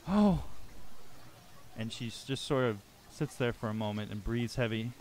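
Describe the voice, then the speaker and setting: A man's voice: fairly low pitch, fairly even intonation, a little fast, a little hiss or hum. A man acting as game master, narrating a tabletop game in a descriptive way with frequent ums.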